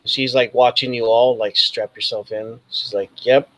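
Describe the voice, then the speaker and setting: A man's voice: medium pitch, steady tone, moderate pace, fairly bright tone, no echo, rough recording. A man narrating as game master, loosely and with many fillers. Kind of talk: narrating a tabletop role-playing game.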